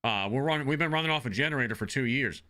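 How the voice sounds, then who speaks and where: Guy from the northeast streaming games, talks blunt and cusses constantly, kinda rambly, sharp bright tone. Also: medium pitch, very fast. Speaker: game streamer. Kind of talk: casual chat while streaming.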